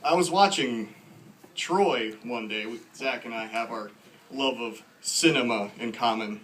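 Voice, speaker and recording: A man's voice: medium pitch, unhurried, fairly bright tone, a little hiss or hum, low-quality recording. A man in his twenties telling casual, self-deprecating stories at a stand-up open mic in a small bar. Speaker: first-time stand-up comedian. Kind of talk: stand-up comedy.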